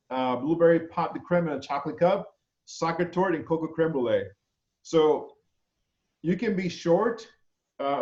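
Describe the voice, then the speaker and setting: A male culinary instructor with a somewhat high voice talks through student menus over a video call. He pauses often, repeating words and filling gaps with "uh" and "um." The audio comes through roomy and dull, like a low-grade online class recording. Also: darkish tone. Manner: halting, many fillers and repeated words.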